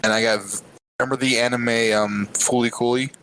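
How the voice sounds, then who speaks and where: A man co-hosting a podcast in casual chat, excitable, with stammering restarts and swearing. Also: medium pitch, a little fast, clean tone, poor audio. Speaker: podcast co-host.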